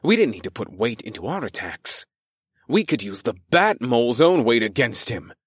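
A man's voice: medium pitch, big pitch swings, normal speed, slightly rough, no room sound. Man narrating a fantasy audiobook, dry sound.

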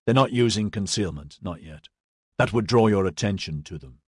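A guarded male informant speaks in a hushed, measured way, as a male audiobook narrator puts him on. His voice sits low and the sound is dry and close. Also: expressive, breathy edge, no room sound.

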